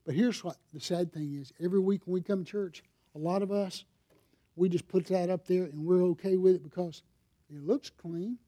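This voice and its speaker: Here the middle-aged pastor speaks in a high voice with a steady, dark tone and a moderate pace. Preaching from the church sanctuary, he addresses the congregation conversationally, asks them questions, and makes use of props.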